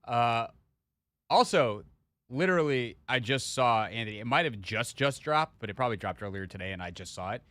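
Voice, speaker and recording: A man's voice: medium pitch, animated, a little fast, fairly bright tone, no room sound. A man hosting a sports radio show, telling a story in casual chat and building into mock indignation. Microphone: studio microphone.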